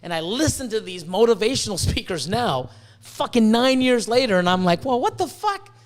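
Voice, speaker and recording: A man with a notably high voice hosts a casual podcast, swearing freely and rambling through animated stories. He sounds hot and sweaty, talking from a warm indoor room. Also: moderate pace. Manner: profane, rambling, animated storytelling. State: sweating, overheated. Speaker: podcast host, reptile breeder.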